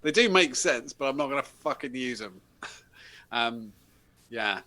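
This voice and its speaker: A bright-toned man with a home counties English accent, hosting a casual chat. He swears freely, laughs often and throws himself into his stories. His voice rings clear and forward. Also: mid-range voice, animated, measured pace, no room sound. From England. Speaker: host of a live vape show.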